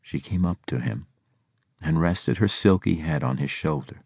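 Man narrating an audiobook, very deep voice, dry close sound, steady measured reading. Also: gravelly, breathy edge, no room sound. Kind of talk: scripted narration.

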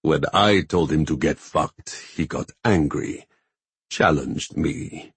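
Brief: a man doing a deep, nasal, husky pirate captain in an audiobook, blunt and terse. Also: slow, dry recording, heavily acted.

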